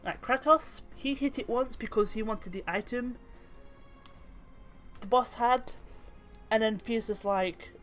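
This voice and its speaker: A British woman casually commenting on tabletop game memes, chatty and swearing freely. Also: mid-range voice. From Britain. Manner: chatty and swearing, trailing off mid-thought. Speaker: YouTuber reading memes.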